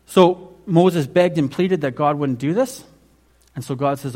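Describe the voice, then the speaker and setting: Male pastor, somewhat high voice, lively sermon delivery that swings from loud to hushed. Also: a little slow. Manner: animated storytelling with big swings between loud and hushed; conversational, asks the congregation questions.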